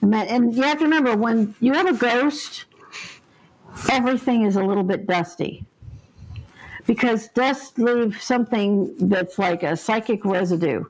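A woman's voice: on the high side, normal speed, rough recording. Earnest older woman telling stories. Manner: earnest, vivid storyteller who acts out the voices in her stories. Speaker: interview guest, ghost helper. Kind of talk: storytelling in a podcast interview.

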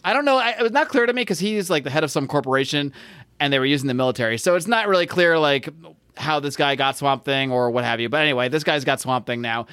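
A man's voice: a little high, expressive, fast talker, a bit bright, clear, resonant tone, dry recording. An American man co-hosting a podcast, chatting casually and rambling, correcting himself and laughing often. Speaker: podcast co-host. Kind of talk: casual comic book podcast chat.

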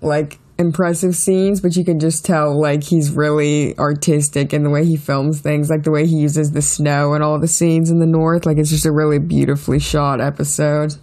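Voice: medium pitch, little pitch movement, normal speed, few pauses, darkish tone. A guest in a casual chat, praising an episode's filming and saying "like" a lot. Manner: uses "like" a lot, enthusiastic.

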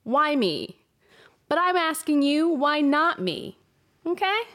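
A woman's voice: sits high, big pitch swings, takes it slowly, fairly bright tone. Frank, emotional woman podcast host. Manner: frank and emotional, swears freely. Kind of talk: candid solo podcast monologue. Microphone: podcast microphone.

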